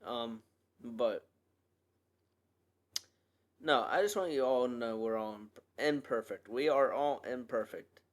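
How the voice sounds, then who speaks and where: Taking it slowly with long pauses, a medium-pitched man carries his own podcast by himself. The talk is a relaxed, sincere ramble, full of filler words and false starts.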